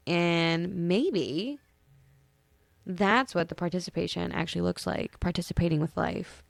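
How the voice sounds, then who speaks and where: A woman's voice: on the low side, vocal fry, no room sound. Sleepy, chatty young woman podcaster. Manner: chatty, affectionate, rambling with self-corrections. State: sleepy, yawning. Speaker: podcast host. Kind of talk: casual solo podcast talk.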